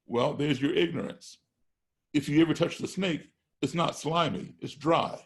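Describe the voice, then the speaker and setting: Gravelly man telling a story. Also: on the high side, moderate pace. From United States. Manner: emphatic, builds points step by step, acts out classroom exchanges. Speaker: podcast guest. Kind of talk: conversational storytelling.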